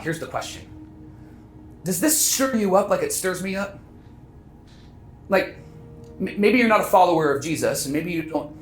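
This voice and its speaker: A man's voice: high-pitched, big pitch swings, normal speed, pauses often, roomy sound, soft background music. A man pastor preaching a sermon earnestly, stirring listeners with rhetorical questions. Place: church sanctuary.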